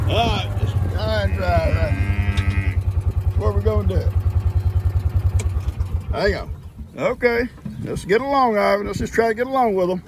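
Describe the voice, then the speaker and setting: Folksy older farmer, loud outdoor noise. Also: male voice, high-pitched, normal speed, pauses often. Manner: folksy, rambling, calls out to his animals. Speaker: farmer vlogger. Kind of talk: casual running commentary. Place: outdoors on a farm.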